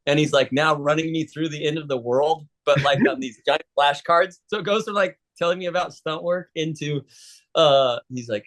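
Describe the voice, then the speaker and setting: A man's voice: fairly high pitch, a little fast. A man, a stuntman guest, telling a long story in a casual interview and acting out the people in it. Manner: animated storyteller, acts out quoted people.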